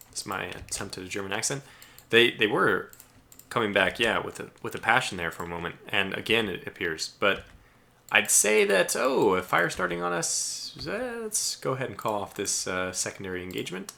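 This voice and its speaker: A man giving live gameplay commentary as a streamer, chatty and excitable, talking aloud to the ships he commands. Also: fairly low pitch, moderate pace, vocal fry.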